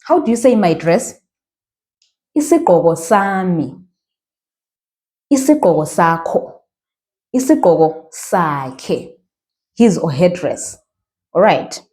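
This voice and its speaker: A woman's voice: on the low side, dark tone. A woman with a Zimbabwean accent teaching a language lesson, patiently repeating phrases and checking in with her learners.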